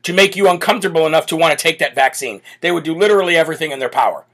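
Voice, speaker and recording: Talking very fast in an expressive, fairly high, slightly bright voice, a US man hosts a live political commentary show. He delivers it all in a brash, bold, emphatic way.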